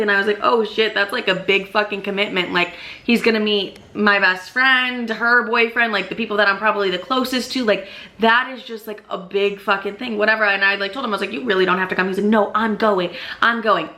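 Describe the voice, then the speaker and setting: A young woman vlogging a casual storytime, animated and full of "like" and swearing. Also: mid-range voice, brisk. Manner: swears a lot, animated, fills with "like".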